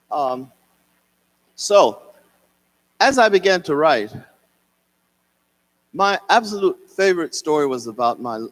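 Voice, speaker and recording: Slow, animated older male storyteller. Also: medium pitch. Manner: slow, expressive, sing-song delivery. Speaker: author and singer giving a reading. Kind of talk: storytelling at a live reading. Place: concert hall at a public reading.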